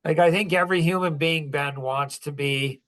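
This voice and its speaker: Sixties male podcast host, earnest and rambling, slightly raised pitch, casual storytelling. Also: steady tone, normal speed, fairly bright tone. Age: 60s. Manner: earnest, rambling, heavy use of "like".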